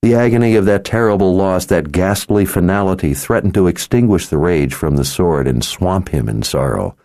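Deep-voiced male audiobook narrator. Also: no echo. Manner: even, measured, dramatic reading. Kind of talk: scripted narration.

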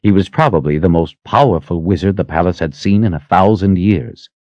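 A man narrates a fantasy novel with a very deep voice and a lively, expressive delivery. The reading is dramatic and carefully scripted. The recording is dry, with a slightly dull, muffled tone. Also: a little fast, dry recording. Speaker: audiobook narrator.

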